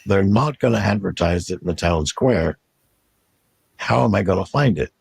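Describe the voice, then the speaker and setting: Blunt male interviewee, gravelly and husky, dry close recording. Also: low-pitched, expressive, normal speed, darkish tone, no room sound. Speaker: interviewee telling his testimony. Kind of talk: storytelling interview.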